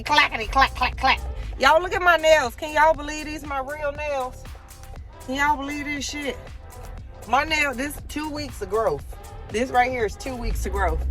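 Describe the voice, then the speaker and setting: A woman vlogging on a phone, talking loud and profane as she calls her viewers y'all and honey. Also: fairly high pitch. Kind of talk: casual vlog chat. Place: in a car and around a store.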